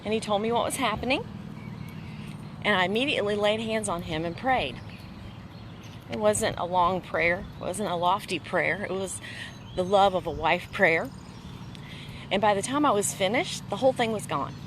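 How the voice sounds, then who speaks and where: A woman's voice: mid-range voice, moderate pace, long pauses, noisy background. A woman host sharing a personal faith testimony in casual conversation, earnest and emphatic, repeating phrases for weight. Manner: earnest preaching tone.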